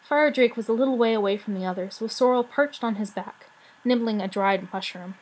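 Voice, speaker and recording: A woman reading a children's fantasy novel aloud with expressive, measured narration. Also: mid-range voice, slightly rough, rough recording.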